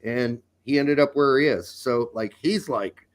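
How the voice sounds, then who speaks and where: A man's voice: mid-range voice, a little slow. A middle-aged man co-hosting a casual podcast, riffing in joking, profane banter. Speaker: podcast co-host. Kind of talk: casual chat.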